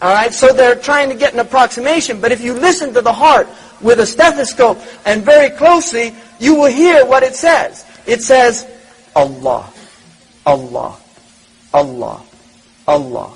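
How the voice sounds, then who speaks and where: A man's voice: very high-pitched, normal speed, husky, rough recording. A man giving a religious lecture, reflective, repeating words and asking rhetorical questions. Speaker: Islamic lecturer.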